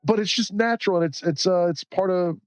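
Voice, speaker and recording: A man's voice: high voice, brisk, no echo. A man chatting casually on a live stream while coloring, rambling and cursing freely between short laughs.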